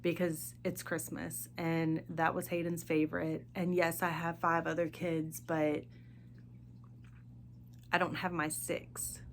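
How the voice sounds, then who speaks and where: A middle-aged woman hosting a podcast, talking earnestly and haltingly about grief and faith, often searching for her words. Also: deep voice, level tone, a little hiss or hum. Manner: speaks openly of grief and faith. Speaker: podcast host. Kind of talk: personal monologue.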